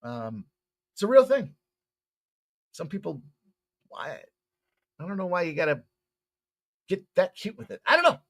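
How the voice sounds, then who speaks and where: Animated man talking betting picks. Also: high-pitched, unhurried, pauses often. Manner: rambling, joking, swears casually. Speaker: sports betting host. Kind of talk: casual betting picks talk.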